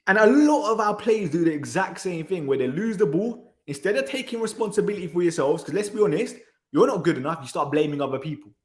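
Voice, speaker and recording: A fast-talking man with a high voice and lively intonation hosts a football reaction channel. His frustrated rant about the match is packed with exasperated sighs and repeated phrases, and the recording carries an echo from the room.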